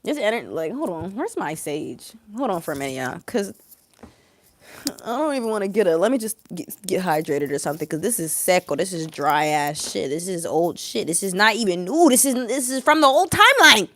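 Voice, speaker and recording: A woman's voice: on the low side, lively intonation, fairly quick, fairly bright tone. A woman doing a live-streamed tarot reading, sarcastic and blunt, swearing freely and laughing often. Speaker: tarot reader.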